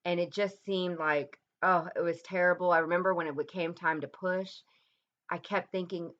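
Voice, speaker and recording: A woman in her thirties tells a deeply personal story straight to camera in a home vlog. Her voice sits on the low side and she speaks haltingly, with frequent ums and restarts, going quiet and soft when the memories get hard. The audio is dull and lo-fi, like a home video. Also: fairly even intonation. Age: 30s. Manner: voice drops low and soft at painful moments. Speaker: vlogger.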